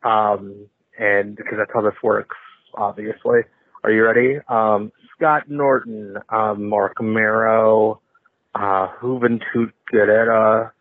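A man leaving a voicemail for a podcast, talking slowly and hesitantly with many pauses and ums. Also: on the low side, fairly even intonation, dry recording. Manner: slow, hesitant, lots of ums. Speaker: voicemail caller. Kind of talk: recorded voicemail message. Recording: tinny phone line.

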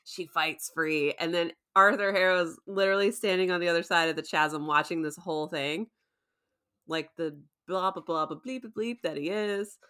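A woman hosting a casual recap chat, animated, laughing often and acting out scenes. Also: lowish voice, normal speed, smooth. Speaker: podcast host.

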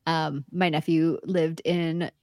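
A woman's voice: low-pitched, flat delivery, takes it slowly, a little mellow, no echo, clean studio sound. A woman hosting a casual video-call chat, easygoing, laughing along and giving short replies. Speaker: host.

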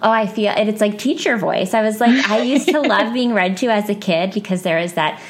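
A woman's voice: medium pitch, a little fast, a little hiss or hum. A woman hosting a book podcast, chatting with enthusiasm about books and reading. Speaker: podcast host. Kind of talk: casual book chat.

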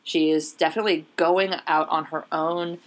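Woman, low voice, casual chat, opinionated, fillers. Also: flat delivery, moderate pace. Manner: chatty, opinionated, thinks aloud with fillers.

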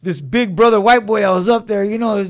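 A man with a slightly high voice tells his story in a studio. His telling is earnest and casual, full of slang and asides. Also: fairly quick. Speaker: interview guest. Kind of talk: casual personal testimony. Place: small studio beside a chapel.

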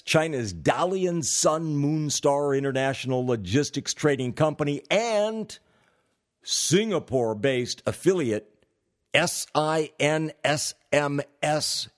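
Male host for a slow, deliberate commentary read, with dry sarcastic asides. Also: fairly high pitch. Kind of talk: political commentary monologue.

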